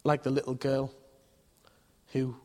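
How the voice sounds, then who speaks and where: A man's voice: mid-range voice, completely flat delivery, unhurried, darkish tone. A man preaching a sermon in a conversational way, asking his listeners questions and acting out voices in his stories. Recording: long hall reverb.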